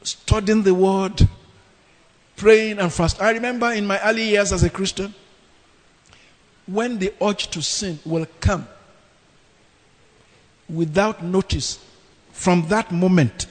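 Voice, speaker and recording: High-voiced preacher. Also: male voice, fairly even intonation, unhurried, pauses often. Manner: emphatic, with dramatic scripture reading. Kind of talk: sermon. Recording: long reverb of a hall.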